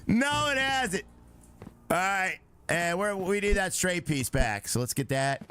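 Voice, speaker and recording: A man's voice: high voice, lively intonation, normal speed, pushed and bright, clear, resonant tone. Chatty male streamer talking to chat. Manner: chatty, talks to himself and chat; joking, breaks into sung lines. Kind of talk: live game stream chat.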